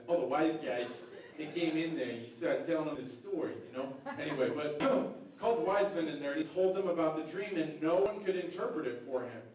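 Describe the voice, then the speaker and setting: A man's voice: a little high, darkish tone. A man preaching a sermon in a church, talking in a loose, conversational way and acting out quotes from the story. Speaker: pastor. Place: church sanctuary. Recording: very echoey hall, mic far off.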